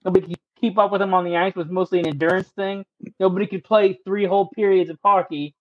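A man's voice: high-pitched, steady tone, fast, no room sound, narrow, tinny audio. A man hosting a podcast in casual chat, rambling and swearing freely. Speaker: podcast host.

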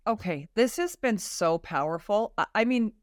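A woman's voice: medium pitch, animated, normal speed, no echo, clean studio sound. Enthusiastic woman podcast host. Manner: enthusiastic, eager. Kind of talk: interview wrap-up.

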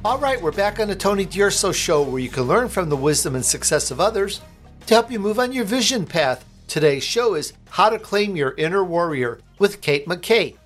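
Man hosting a radio show, fairly high voice. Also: very animated, normal speed, fairly bright tone, faint music behind. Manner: smooth scripted announcing. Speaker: show host.

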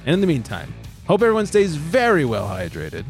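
A man's voice: fairly high pitch, wildly swooping pitch, brisk, soft background music. A man hosting a casual podcast, reading out a countdown list in a loose, joking, foul-mouthed way. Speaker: podcast host.

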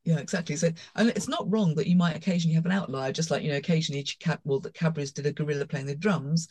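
A woman, a former marketing director, chatting as a guest on a podcast in a lively way, acting out reactions as she talks. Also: low-pitched, rapid-fire. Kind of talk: casual podcast discussion.

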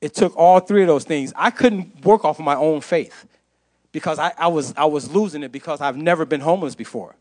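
An impassioned man shares his testimony before a congregation. His voice sits a little high, and he drives his points home by repeating phrases. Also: a little fast, darkish tone. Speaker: church speaker giving testimony. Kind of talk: sermon testimony.

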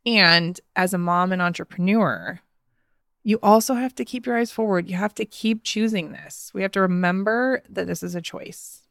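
Chatty, bright-voiced mom podcaster. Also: female voice, mid-range voice, moderate pace, creaky, no room sound, clean studio sound. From United States. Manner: chatty, laughs often, many fillers. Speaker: podcast host. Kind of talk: casual personal storytelling.

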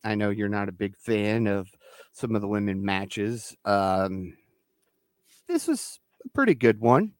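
Guy with a lowish voice running through wrestling results, laid-back podcast chat, dry close sound. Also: expressive, no room sound. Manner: laid-back recapping with quick laughs. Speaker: podcast co-host. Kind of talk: casual wrestling recap chat.

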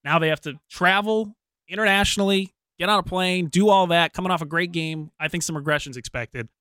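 A man hosting a sports betting show, lively and joking as he sets up the picks. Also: high-pitched, clear, resonant tone, no echo, clean studio sound. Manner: lively, joking, quick to laugh. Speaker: show host.

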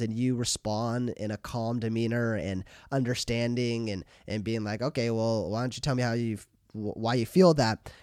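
A man hosting a podcast, talking casually and in an animated way, with lots of fillers and restarts. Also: medium pitch, no echo, studio quality. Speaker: podcast host.

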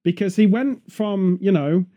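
A man's voice: high-pitched, unhurried, muffled recording. A man chatting casually outdoors in a field, rambling off on jokey tangents. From England. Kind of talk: casual chat.

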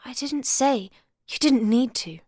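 A woman's voice: sits high, measured pace, darkish tone, no room sound, studio quality, voice pushed up. A woman voicing a cool, evasive young woman.

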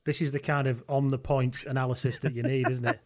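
A man's voice: medium pitch, little pitch movement, fast talker, a little mellow. A man hosting a podcast, leading casual sports chat in a wry, teasing way and laughing often. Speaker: podcast host.

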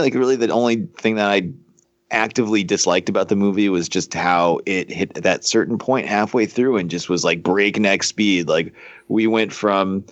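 A man's voice: lowish voice, moderate pace, no room sound, highs cut off. A man co-hosting a podcast in casual chat, laid-back and rambling with many fillers and restarts. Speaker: podcast co-host.

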